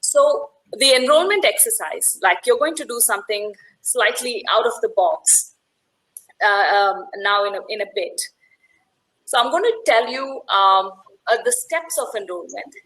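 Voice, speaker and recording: A woman's voice: on the high side, expressive, a little slow, a bit bright, low-quality recording. A woman leading a networking workshop, who talks conversationally, tells stories and often checks in with "right?". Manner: briefly acts out the voices of people in her story. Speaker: workshop facilitator. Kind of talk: workshop talk with storytelling.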